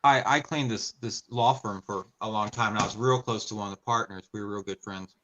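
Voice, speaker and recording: A man in casual podcast chat, telling personal stories in an earnest, halting way. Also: fairly low pitch, bright, forceful tone, slight background noise, poor audio. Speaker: podcast co-host.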